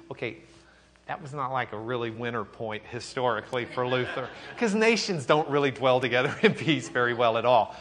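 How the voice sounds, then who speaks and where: A man teaching an animated classroom lecture in a conversational, lively way, acting out quotes. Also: medium pitch, a little fast.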